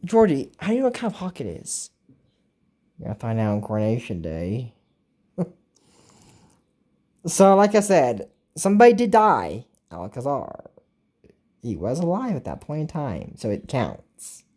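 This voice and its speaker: A young woman with a low, mellow voice talks through a cartoon episode in an offhand, rambling way. Her pitch swings a lot as she goes, and she drops in filler words and little whooshing sound effects. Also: huge pitch swings, measured pace, long pauses. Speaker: show recap host. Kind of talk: casual episode recap.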